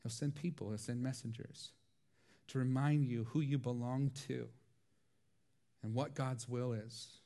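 A man preaching a sermon, telling stories in a lively, laughing way. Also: mid-range voice, a little slow, long pauses. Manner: animated storytelling with frequent laughs. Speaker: pastor.

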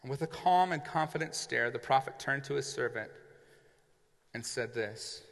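A man's voice: medium pitch, normal speed, gravelly, a bit bright. A male pastor preaching a sermon, retelling a story vividly and acting out the characters. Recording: long reverb in a large hall.

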